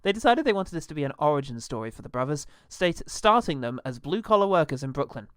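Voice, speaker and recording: Male podcast co-host, deadpan sarcasm, close dry sound. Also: a little high, fast, smooth, no echo. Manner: dry, sarcastic, laughs often. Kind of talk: casual comedy chat.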